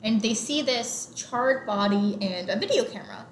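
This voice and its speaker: A woman's voice: medium pitch, expressive, normal speed. A young woman co-hosting a casual movie podcast, recapping plots in a chatty way and filling her talk with "like". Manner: chatty, heavy use of "like" fillers, recaps plots. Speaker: podcast co-host. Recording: echoey room with faint noise.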